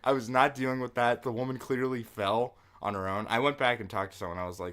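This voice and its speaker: A young man co-hosting a casual podcast, telling stories in an animated way, swearing and laughing often. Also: medium pitch, fast talker, few pauses. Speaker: podcast co-host.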